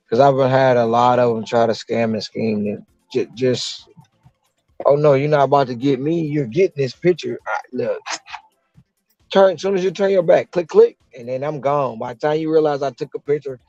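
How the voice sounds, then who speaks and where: A mid-pitched man talks emphatically about his delivery work and often repeats his points. The sound is dry and a little dull, with faint music behind him. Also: darkish tone, no echo. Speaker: delivery driver. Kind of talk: casual chat.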